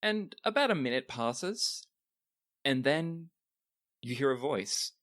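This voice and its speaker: A game master narrating a tabletop role-playing game in a relaxed, descriptive way. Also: mid-range voice, takes it slowly.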